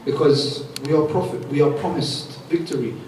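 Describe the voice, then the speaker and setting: A man's voice: on the high side, normal speed, darkish tone, slight background noise, natural voice. A man voicing a stern, unshakable male leader. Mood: resolute. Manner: firm, convinced. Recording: echoey hall from far off.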